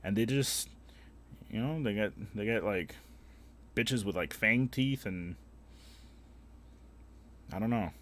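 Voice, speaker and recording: A man's voice: lowish voice, takes it slowly, pauses often, fairly bright tone. A young man streaming a game, chatting casually with viewers in a rambling, profane, opinionated way. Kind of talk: casual live-stream chat while gaming.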